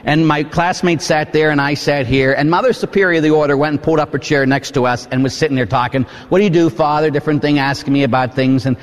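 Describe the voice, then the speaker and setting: A man, a Catholic priest, telling a story in a sermon, swinging between hushed asides and excited exclamations. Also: fairly high pitch, fast talker, few pauses, big-room sound.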